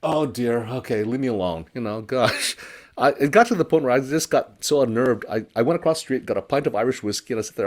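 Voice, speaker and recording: A man telling a personal ghost story in casual conversation, animated and laughing as he acts out his own reactions. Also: mid-range voice, fast. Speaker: storyteller guest.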